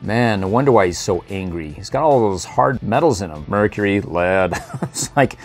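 A man's voice: on the low side, normal speed, soft background music. A man hosting a casual toy review vlog, joking playfully and chuckling often as he unboxes toys.

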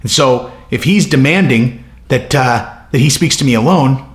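A man's voice: medium pitch, normal speed, reverberant, natural voice. A man voicing an impressionable young male fighter who reasons in a rambling, hesitant way. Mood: earnest.

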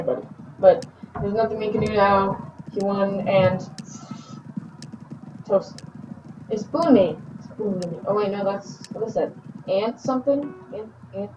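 Woman gaming host, excitable and repetitive, echoey room. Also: medium pitch, slight background noise. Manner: excitable, repeats words in bursts. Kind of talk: casual game commentary. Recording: echoey, distant, muffled home recording.

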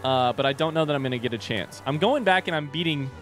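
A man hosting a gaming channel, giving excitable, swearing commentary as he plays. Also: fairly high pitch, quick pace. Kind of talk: live gameplay commentary. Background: game music.

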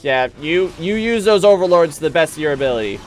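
A man's voice: on the high side, fast, slight background noise. A man streaming a strategy game, joking and barking orders at his units with playful mock belligerence. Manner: giggly and excitable, mock-belligerent. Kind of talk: live gameplay commentary.

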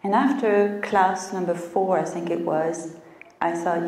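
A health coach tells her story with animated storytelling, slipping into her own inner voice as she goes. Her voice sits a little low and reaches the mic from a distance, carried through a roomy, echoing space. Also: unhurried. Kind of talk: motivational talk.

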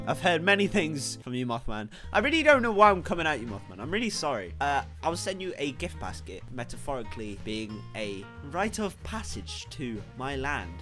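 An excitable young man reacts on camera in a high voice that leaps all over the place. He jokes, swears and suddenly shouts. Music runs loudly beneath his talk. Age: young adult. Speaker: reaction video host. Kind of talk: casual reaction commentary. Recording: music playing underneath.

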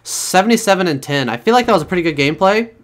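A man giving profane, excitable commentary over his own gameplay and talking to his viewers. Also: high-pitched, very fast, slight background noise. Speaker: gaming channel host.

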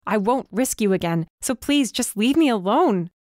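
A woman's voice: mid-range voice, moderate pace, no echo, studio quality, close to an everyday voice. A woman voicing a defiant young heroine. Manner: emphatic, rising to shouts. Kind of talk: audiobook character voice.

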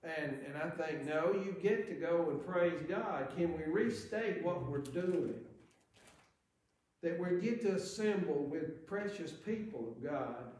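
Preacher, male, earnest sermon delivery, slightly high voice, very echoey church hall. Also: expressive, slow pace, a little mellow. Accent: Southern American. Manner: earnest, reads scripture aloud with rising emphasis.

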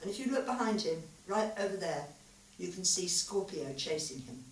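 A woman reading aloud the lines of a weary, earnest male physicist, quiet and confiding. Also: fairly low pitch, expressive, normal speed, a little hiss or hum. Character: thoughtful, weary male physicist, gentle lover. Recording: echoey hall, mic far off.

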